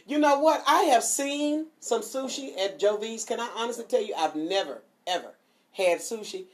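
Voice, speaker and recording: A woman's voice: a little high, expressive, normal speed. A woman co-hosting a casual radio chat, sassy and laughing, with preachy asides. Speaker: radio co-host.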